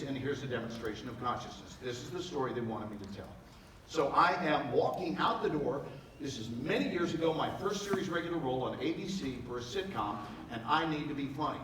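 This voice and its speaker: Older guy telling funny stories on stage, slightly high voice, far from the mic, noisy echoey hall. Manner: animated, playful, jokey with bursts of emphasis. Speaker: motivational speaker. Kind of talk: live motivational talk with comic storytelling. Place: large event hall before a live audience.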